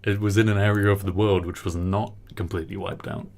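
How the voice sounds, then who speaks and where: A man's voice: low voice, flat delivery, a little fast. A man chatting casually as co-host, joking and rambling with plenty of ums. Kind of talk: casual chat.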